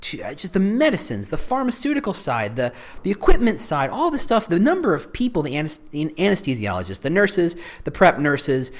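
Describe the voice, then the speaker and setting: A man's voice: fairly high pitch, wildly swooping pitch, brisk. A man hosting a solo podcast, talking in a joking, rambling, self-deprecating way. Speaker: podcast host.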